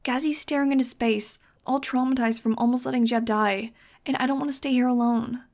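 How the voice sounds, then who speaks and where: A clingy young girl whines and pleads in a storybook reading, as a woman puts her on. The voice sits higher than the reader's own and keeps a gravelly edge. Each line is stretched into a needy plea. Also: steady tone, brisk, a little mellow, natural voice. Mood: whiny pleading. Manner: whining, pleading.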